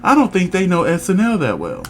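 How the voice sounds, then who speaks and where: A man co-hosting a casual review chat, animated and teasing as he leads the talk. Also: high-pitched, brisk. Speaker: podcast co-host.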